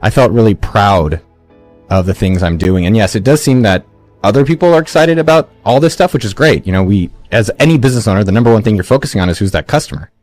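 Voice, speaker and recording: A man in his forties, an entrepreneur giving energetic motivational advice in an interview, often restarting and acting out quotes. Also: lowish voice, fast talker, soft background music. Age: 40s. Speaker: entrepreneur guest.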